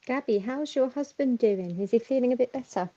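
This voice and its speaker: An Englishwoman joining a live stream by call, chatting gently and warmly praising what she sees. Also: a little high, brisk. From England. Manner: gentle, appreciative, says "lovely" often. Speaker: caller on a livestream. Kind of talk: casual chat. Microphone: remote call audio. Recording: dull, muffled call line.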